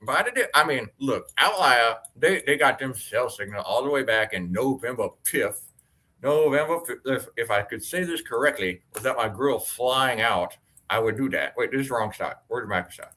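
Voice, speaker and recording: A man's voice: medium pitch, lively intonation, moderate pace, bright, forceful tone. A man co-hosting an investing show, joking over stock charts in a teasing, mock-brash slang voice.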